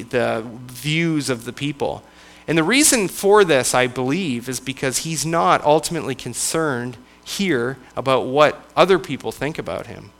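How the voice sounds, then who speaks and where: A man, a church elder, preaching a sermon in a conversational, halting way with frequent restarts. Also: mid-range voice, fairly bright tone.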